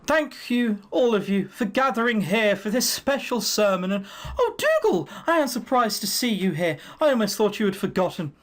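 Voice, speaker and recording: A man's voice: sits high, moderate pace, few pauses, lightly acted. A man voicing a polite female priestess who speaks formally and graciously. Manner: formal, welcoming.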